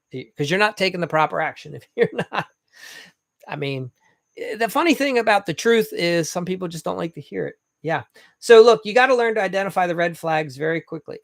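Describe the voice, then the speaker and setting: A man's voice: on the high side, a bit bright, no echo, clean studio sound. A man coaching remodelers in a blunt, folksy monologue, acting out short back-and-forth dialogues.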